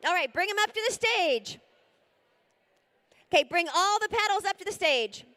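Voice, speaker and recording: A woman's voice: very high voice, expressive, normal speed, sharp tone. A woman calling a live charity auction, coaxing the crowd and rattling off repeated bid figures.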